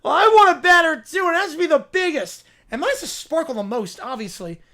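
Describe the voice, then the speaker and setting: A man's voice: very high voice, very animated, fast, full character voice. A man doing a bossy little cartoon girl. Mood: demanding. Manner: loud and demanding.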